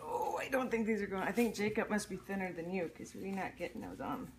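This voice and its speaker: A woman's voice: mid-range voice, animated, moderate pace. A woman at home coaxing her dog, with a giggly, pet-talk manner. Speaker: pet owner. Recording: noisy home camera recording.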